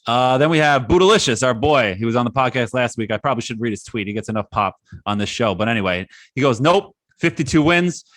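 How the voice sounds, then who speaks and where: A man's voice: mid-range voice, fast talker, hardly any pauses, fairly bright tone, no room sound. A man hosting a sports fan podcast in casual chat who laughs often and reads out listener tweets. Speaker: podcast host.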